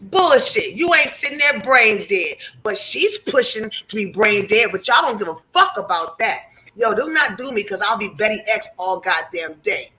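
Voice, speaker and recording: On a rough recording, a livestream host speaks at medium pitch and normal speed, animated and pushed bright. She lectures her chat viewers with heated, profanity-filled, blunt commentary.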